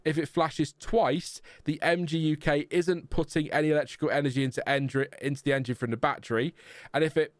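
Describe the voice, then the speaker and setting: A man's voice: a little high, steady tone, fast talker, no room sound. A man hosting a live watchalong, chatting casually and laughing often. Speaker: livestream host.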